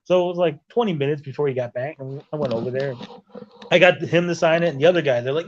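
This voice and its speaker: A man on a podcast call, his voice fairly high for a man and a bit dull and lo-fi. He tells his stories with animated energy, swearing freely and jumping into other people's voices. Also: fast talker. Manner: animated, profane, acts out others' lines. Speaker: podcast host. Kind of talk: casual chat, storytelling. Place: hotel room.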